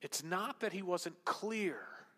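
A bright, forceful male pastor preaching a sermon in a church hall, the voice trailing a long reverb. He is emphatic, climbing to loud, high-pitched exclamations and then falling back to quiet, low passages. His voice sits a touch higher than most men's. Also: expressive, slow.

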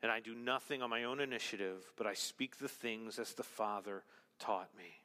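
A man preaching a sermon as pastor, emphatic, rising to loud, high exclamations and dropping to quiet, low stretches. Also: moderate pace. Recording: long reverb of a large hall.

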